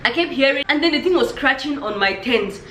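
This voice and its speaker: A woman vlogger telling a story in a lively storytime vlog, acting out her own reactions as she goes. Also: high-pitched, brisk, roomy sound, a little hiss or hum.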